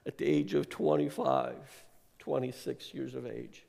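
A middle-aged man from Iraq preaching a sermon testimony, impassioned and building to shouts at its peaks. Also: fairly low pitch, very animated, a little slow, gravelly. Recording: long hall reverb.

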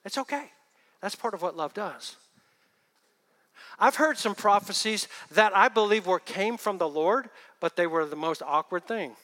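A male pastor preaching with a high, bright, forceful voice. He drops to hushed asides and then rises to loud, emphatic bursts. The long reverb of a large church hall carries behind him. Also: animated, measured pace. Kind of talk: sermon.

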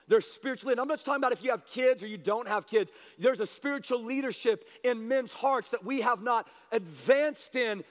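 Fervent male preacher, strikingly high pitch, booming church reverb. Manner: impassioned, rising to shouted appeals. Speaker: pastor. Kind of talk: sermon. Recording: long hall reverb.

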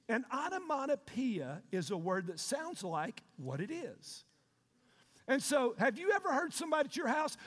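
A man preaching a sermon, shouting and calling out questions to his congregation. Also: very high voice. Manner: preaching with loud shouted call-and-response. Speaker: pastor. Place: church sanctuary. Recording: long reverb of a large hall.

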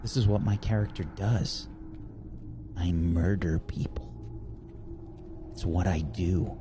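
A man's voice: deep voice, steady tone, slow pace, background noise. A man voicing an unhinged young male killer who snarls threats. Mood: menacing.

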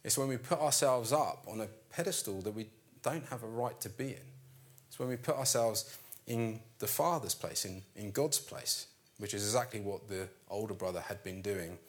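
A man preaching a sermon in an animated storytelling way, acting out the characters' lines. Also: on the low side, moderate pace.

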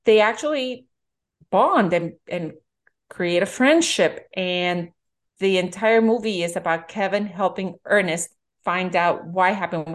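A middle-aged woman co-hosting a casual movie-review chat, an animated storyteller who acts out the quotes. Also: on the low side. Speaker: podcast co-host.

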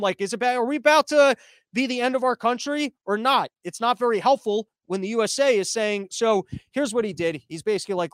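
High-voiced sarcastic man, dry sound. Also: a little fast, fairly bright tone, no room sound. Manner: sarcastic, rambling, with frequent restarts. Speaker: show host. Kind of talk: comedic monologue.

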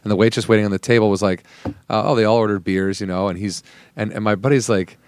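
A man's voice: fairly low pitch, fairly even intonation, fast, clean tone, no room sound, clean studio sound. Man rambling through a laughing anecdote. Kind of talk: casual storytelling chat.

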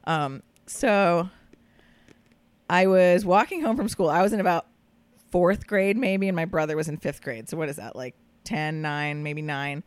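A woman guest on a podcast, telling a story in casual chat, animated and laughing often, swearing casually. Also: fairly low pitch, a little slow, clean tone, no room sound.

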